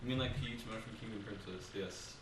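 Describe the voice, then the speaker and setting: A man's voice: lowish voice, steady tone, brisk, noisy background. A man co-hosting a let's play, giving casual, joking commentary that rambles and breaks into laughter, recorded from a distance in a very echoey room.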